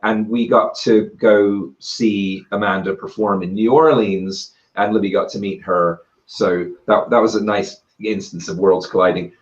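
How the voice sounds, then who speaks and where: A man with a British accent, a guest telling lively anecdotes and acting out other people's shouted lines. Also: fairly low pitch, unhurried, hardly any pauses. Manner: lively, acts out quoted voices loudly. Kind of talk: anecdotal storytelling in a conversation. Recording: roomy and muffled.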